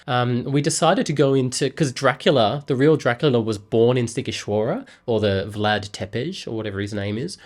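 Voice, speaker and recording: A man, chatting casually with an AI in a rambling, halting way with many fillers. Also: mid-range voice, darkish tone. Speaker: vlogger. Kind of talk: casual chat with an AI.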